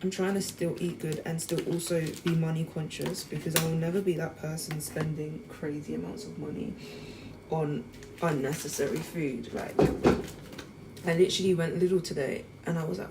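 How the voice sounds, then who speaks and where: Student vlogger, woman in her 20s, slightly low voice, chatty, heavy noise behind. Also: little pitch movement, moderate pace. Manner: chatty, talks to viewers. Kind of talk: casual chat while cooking. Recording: loud background noise.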